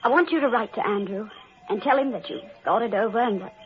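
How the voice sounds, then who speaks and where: Actress playing jealous scheming Emily. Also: female voice, a little high, quick pace, faint music behind, close to an everyday voice. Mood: menacing. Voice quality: cold, menacing. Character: jealous scheming woman Emily, turning murderous. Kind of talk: 1940s radio acting. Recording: dull old radio broadcast.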